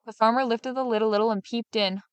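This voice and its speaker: A woman reading a fairy tale aloud as a storyteller, in a steady, even narration. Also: a little high, fast talker, clean tone, no room sound.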